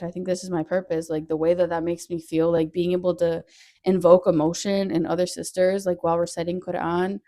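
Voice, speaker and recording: A young woman with a fairly low voice tells her own story as a podcast host, earnest and chatty, leaning on "like" and laughing often. The sound is dry and close, with almost no room around her. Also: dark tone, dry recording. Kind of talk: personal storytelling monologue.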